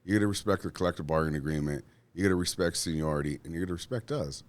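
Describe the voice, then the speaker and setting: A man's voice: low voice, rapid-fire. Profane, storytelling union steward man. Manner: profane, animated, acts out quotes. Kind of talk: casual storytelling.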